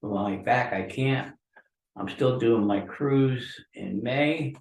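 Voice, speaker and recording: A man's voice: medium pitch, slow, a little mellow. A man hosting a podcast, rambling and ranting through a solo monologue while groggy from pain medication. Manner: ranting and grumbling. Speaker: podcast host. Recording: roomy echo from a distant mic.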